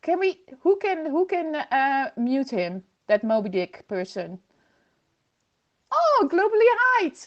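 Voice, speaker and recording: A woman chats through a casual livestream from home, greeting viewers by name and laughing as she goes. Her voice sits high, and she speaks into a computer microphone. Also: very animated, unhurried, hardly any pauses, darkish tone, muffled recording. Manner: chatty, reads viewer comments aloud, laughs often. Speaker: livestream host.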